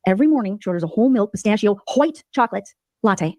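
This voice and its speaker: A woman giving sarcastic, mocking gossip commentary as a streamer, telling the story in an animated way. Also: mid-range voice, fast talker, dry recording.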